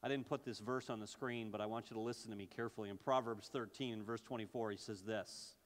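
A middle-aged man preaching a sermon as pastor, stammering and restarting, with quick bursts and slow, drawn-out scripture quotes. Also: fairly low pitch, fairly even intonation. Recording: long reverb from a large hall.

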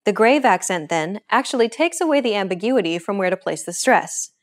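A woman hosting a scripted beginner language lesson. She explains each grammar point in a clear, steady teaching voice. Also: medium pitch, brisk.

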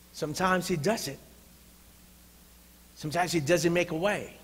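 A man preaching a sermon as pastor, impassioned, swinging between loud appeals and hushed talk. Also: fairly high pitch, measured pace, long pauses, slightly rough, long reverb tail. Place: church.

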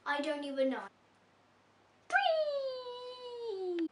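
A woman's voice: sits high, lively intonation, takes it slowly, far from the mic, background noise. A young woman chatting casually in a vlog, giggly and self-deprecating, holding the camera herself. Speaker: vlogger. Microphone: camera mic, handheld camera.

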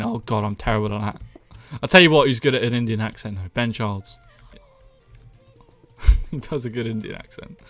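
A man's voice: mid-range voice, a bit bright, dry recording. A man from the UK, chatting casually and self-mockingly with viewers on a live stream. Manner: joking, self-mocking, reads chat aloud. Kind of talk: casual chat with viewers while gaming.

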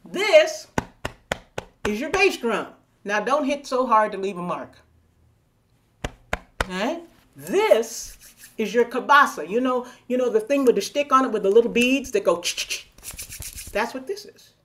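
Woman teaching body percussion on a zoom call, kinda high voice, playful, chanting the counts, little bit of hiss. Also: big pitch swings, unhurried, pauses often. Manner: playful, coaxing, counts and chants rhythms aloud. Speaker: music teacher leading a body percussion lesson. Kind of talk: live online teaching. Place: home room on a video call. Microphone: video call.

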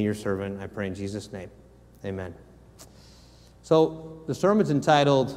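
A man with an American accent preaching a sermon as a missionary, telling stories animatedly and acting out the quotes himself. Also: medium pitch. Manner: animated storytelling, acts out quotes. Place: church sanctuary. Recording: long church reverb.

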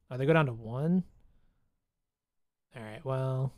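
A streamer giving casual live commentary on their own card game, muttering, swearing and breaking into excited outbursts. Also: mid-range voice, measured pace, no room sound. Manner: chats to chat and opponent.

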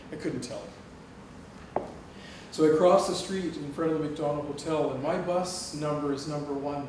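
A man's voice: a little high, darkish tone. A middle-aged man telling a personal story to an audience, acting out the dialogue and laughing often. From Canada. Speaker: guest speaker. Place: lecture hall on a campus. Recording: distant, echoey room recording with noise.

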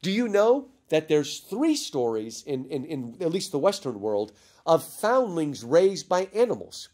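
A middle-aged man giving an animated lecture, telling stories with energy and addressing his listeners as folks. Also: a little high, unhurried.

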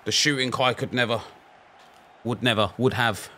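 A young man talks through his own football match as he plays, in loose, casual commentary. His voice has a bright, forceful edge, and he swings between excited cheers and frustrated muttering at his own mistakes. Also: mid-range voice, moderate pace, a little hiss or hum. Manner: excitable, frustrated outbursts, self-talk while playing. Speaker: video game streamer.

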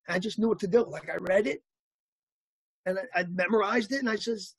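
Male interview guest, husky and lively, telling anecdotes in a dry, close recording. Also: high-pitched, fairly quick, pauses often, dry recording. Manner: animated anecdotal storyteller, acts out quotes. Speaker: actor guest. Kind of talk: casual storytelling interview.

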